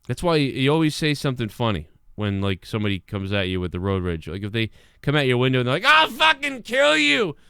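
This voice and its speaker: A man's voice: lowish voice, fast, few pauses, clear, resonant tone, no echo, studio quality. A young man hosting a live stream, talking casually in a rambling way with lots of swearing and restarts.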